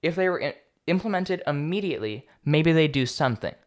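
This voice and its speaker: A man's voice: on the high side, lively intonation, a little fast. A young man hosting a solo political commentary podcast, talking casually with a sarcastic edge. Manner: casual, sarcastic, stumbles over foreign names. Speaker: podcast host.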